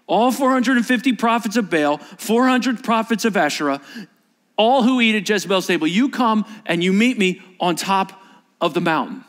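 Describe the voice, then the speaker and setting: A man's voice: sits high, fairly bright tone. A man acting out a bold prophet who commands the people and mocks his rivals. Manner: taunting, commanding. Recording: echoey large hall.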